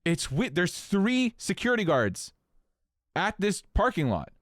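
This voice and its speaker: A man's voice: measured pace, dry recording. A man co-hosting a casual podcast, recounting a story with a voice that climbs and dips all over as he gets incredulous. He swears freely and the sound is dry and close. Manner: animated, swings pitch up when incredulous, swears casually. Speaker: podcast co-host.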